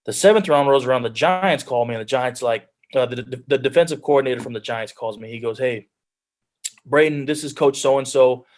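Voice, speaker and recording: A man's voice: mid-range voice, fast talker, few pauses. A young man earnestly telling his personal story as a guest speaker on a video call, often restarting his sentences. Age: young adult. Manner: earnest, heartfelt, with frequent restarts and "like". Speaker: guest speaker, pro football player.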